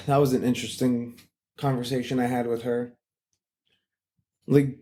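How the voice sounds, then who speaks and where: A young man hosts his own podcast, chatting through a story in a lively, blunt way and cursing freely. His voice sits a little high and sounds warm and mellow. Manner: animated, swearing, rises high when retelling exchanges. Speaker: podcast host. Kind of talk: casual solo podcast storytelling. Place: home room, seated in a squeaky chair.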